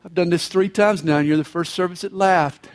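Punning pastor with a high voice. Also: male voice, fairly even intonation, brisk. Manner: folksy punning humor. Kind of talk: sermon. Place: church service, live.

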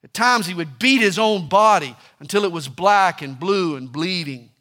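A male preacher delivering a sermon in a high, bright voice. He talks emphatically and repeats key scripture lines for force. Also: expressive, moderate pace.

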